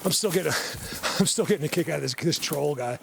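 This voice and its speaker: A man vlogging casually while walking through a snowy forest, rambling and excitable, often laughing and dropping to a hushed voice. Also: fairly high pitch, a little fast, gravelly, heavy background noise. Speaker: vlogger, Bigfoot researcher. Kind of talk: casual hiking vlog.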